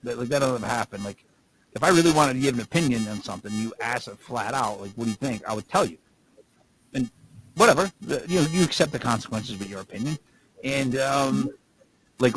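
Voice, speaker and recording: A man's voice: medium pitch, background noise. A man co-hosting a podcast, rambling through casual stories and laughing as he talks. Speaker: podcast co-host.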